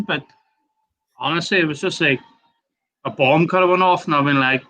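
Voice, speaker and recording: A man's voice: on the high side, brisk, long pauses, bright, forceful tone, rough recording. A man co-hosting a podcast, telling stories casually and acting out phone calls with dry humor. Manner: storytelling, acts out phone calls, dry jokes. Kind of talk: casual podcast chat on grief.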